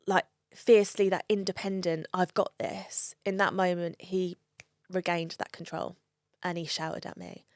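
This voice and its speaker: A woman's voice: lowish voice, clear, resonant tone, dry recording, studio quality. A woman telling a personal story in an interview, candid and emotional and swearing freely. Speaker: guest.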